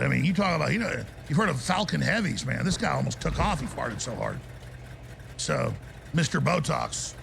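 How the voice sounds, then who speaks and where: Male talk radio host, gravelly and high-pitched, bombastic ranting delivery, music under the voice. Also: noisy background.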